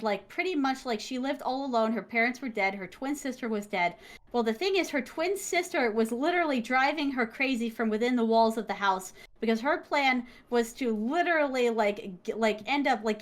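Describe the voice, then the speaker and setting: A woman, an interview guest, telling a story casually and animatedly, acting out the dialogue with emphasis. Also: fairly high pitch.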